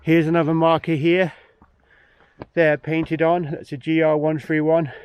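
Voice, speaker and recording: A man's voice: fairly high pitch, little pitch movement, unhurried, clean tone, lo-fi sound. Slightly breathless man hiking outdoors. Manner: practical, repeats advice, plain instructive talk. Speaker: hiking vlogger. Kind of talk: outdoor vlog with tips to camera. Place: outdoors on a mountain trail.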